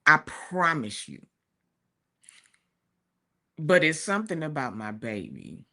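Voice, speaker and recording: Woman talk show co-host, forties, slow chatty storyteller, bright voice. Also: low-pitched, very animated, vocal fry. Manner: chatty, warm storytelling with laughs and asides. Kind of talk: casual chat. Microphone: streaming studio mic.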